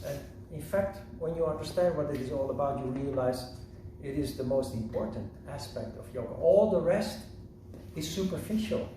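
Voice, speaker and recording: A man teaching a yoga lesson in a slow, measured, reflective way. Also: medium pitch, mellow, slight background noise. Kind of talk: lecture. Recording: roomy echo from a distant mic.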